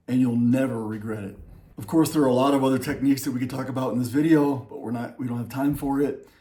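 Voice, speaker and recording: A man working as a leadership coach, giving a calm, measured motivational talk to the camera. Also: medium pitch.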